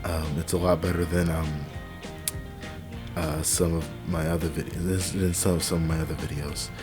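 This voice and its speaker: A young man quietly commenting on a truck driving game at home at night, rambling with lots of fillers and restarts on a cheap desk microphone. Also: rumbling low, flat delivery, moderate pace, over music. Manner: hushed, quiet talking to avoid waking family. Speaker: let's play gamer. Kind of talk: casual gameplay commentary.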